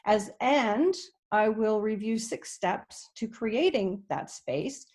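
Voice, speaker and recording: A woman from Canada giving an online conference presentation, earnest and hesitant, often pausing with ums and restarting her sentences. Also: mid-range voice, lively intonation, a little mellow. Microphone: video call.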